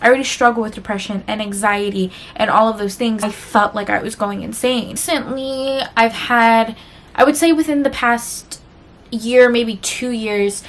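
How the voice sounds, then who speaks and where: A woman's voice: medium pitch, a bit bright. A woman vlogger talking candidly and emotionally to her viewers in a rambling, confessional chat full of fillers. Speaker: book vlogger.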